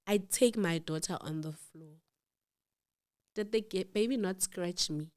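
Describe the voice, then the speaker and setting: A South African woman hosts a casual chat, telling a personal story and animatedly acting out the voices of others in it. Her voice runs on the low side at a measured pace.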